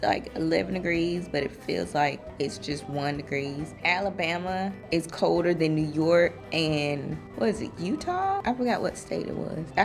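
Woman vlogger, chatty and excitable, lowish lively voice with a gravelly edge, background music. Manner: excitable and chatty, baby talk to her pets. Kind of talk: casual home vlog. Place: small apartment.

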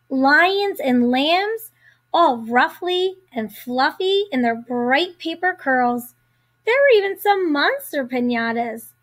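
A woman with a high, bright-sounding voice reads a picture book to young listeners. She takes her time over every line, gentle and deliberate, in a classic read-aloud manner. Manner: gentle, deliberate storybook delivery. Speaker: storyteller reading to children.

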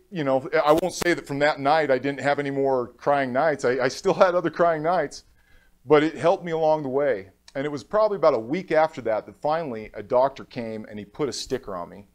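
A man giving a keynote on a conference stage, telling a personal story in a heartfelt, halting way and acting out other people's lines. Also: a little high. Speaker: keynote speaker. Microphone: stage microphone.

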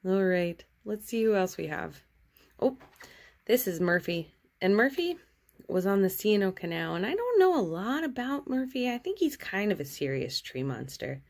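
A woman artist cheerfully and gently chatting through her sketches in a casual show-and-tell. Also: medium pitch, big pitch swings, moderate pace, creaky.

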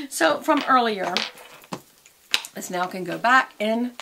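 A middle-aged beauty and lifestyle vlogger with a drawl rambles through her makeup routine in a casual makeup and chat vlog, talking to viewers like friends and drifting between topics with no script. She chats while applying makeup and eating. Her voice is a little high, slow and lively in intonation, with vocal fry, over a noisy background.

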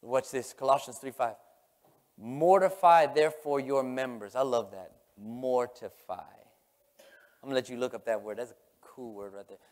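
A man preaching as pastor, impassioned and emotional, with a Texan accent, his voice dropping to a hush and then rising. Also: medium pitch, fast talker, few pauses. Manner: impassioned, swinging from hushed to loud. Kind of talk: emotional sermon. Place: large church sanctuary. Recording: long hall reverb.

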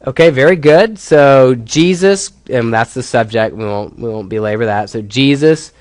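A man's voice: medium pitch, normal speed, no room sound. A male professor giving a classroom lecture, explaining step by step and putting questions to his students.

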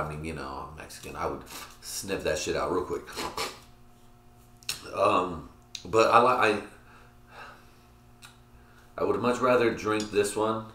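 Male podcast host, lowish bright voice, rambling and profane, roomy echo. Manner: rambling, swears a lot, laughs at his own jokes. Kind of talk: casual profane chat.

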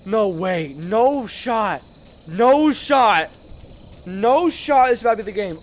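A man with a worn, hoarse voice giving excitable, slangy gameplay commentary, yelling at scares and muttering between them. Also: high-pitched, takes it slowly. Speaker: gaming video creator.

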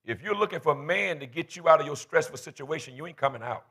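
A man's voice: on the high side, animated, fast, sharp tone, husky. A man in his fifties preaching a fervent, folksy sermon in church, calling for responses from the congregation. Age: 50s. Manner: colloquial, folksy phrasing. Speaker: pastor.

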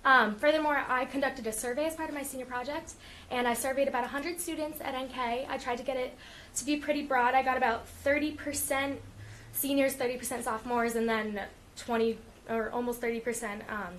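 Fast-talking teenage girl, earnest. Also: sits high, fairly even intonation, fairly bright tone, a little hiss or hum. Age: teens. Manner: earnest, quick, with frequent ums. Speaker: student speaker at public comment. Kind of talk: prepared public comment at a school meeting. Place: school committee meeting room.

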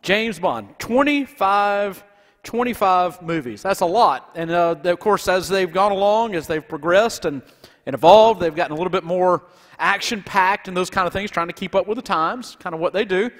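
A man's voice: sits high, a little fast, in a large hall. A man with a Southern accent preaching a folksy, conversational sermon as pastor in a church. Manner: folksy and conversational, with many restarts. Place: church sanctuary.

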